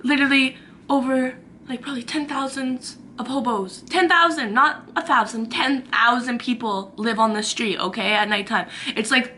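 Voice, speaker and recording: A woman in her twenties tells a story to the camera in a chatty, animated way, acting out the quotes and saying "like" often. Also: fairly high pitch, normal speed, slight background noise. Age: 20s. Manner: animated, acts out quotes, lots of "like". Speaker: vlogger.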